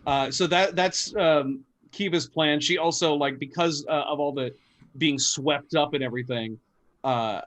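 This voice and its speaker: A man's voice: on the high side, a little slow, a bit bright, no room sound. A man recapping a tabletop game session in casual, profane chat, swearing freely as he talks. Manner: loose and profane, frequent swearing.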